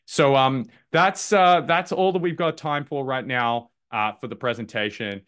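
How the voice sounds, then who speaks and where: A man's voice: mid-range voice, measured pace, a bit bright, smooth. A man giving a live online masterclass, talking loosely and upbeat, with lots of fillers and restarts. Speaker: masterclass presenter. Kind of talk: live webinar presentation.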